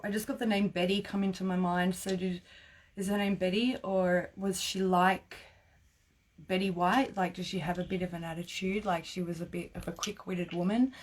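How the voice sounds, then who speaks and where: A woman giving live-streamed psychic readings in a chatty way, laughing often and filling her talk with "like". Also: fairly low pitch. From Australia. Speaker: psychic reader.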